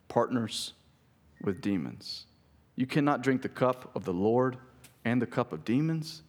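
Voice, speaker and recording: Middle-aged male pastor, sermon delivery, emphatic, moves between raised and hushed, mid-pitched voice.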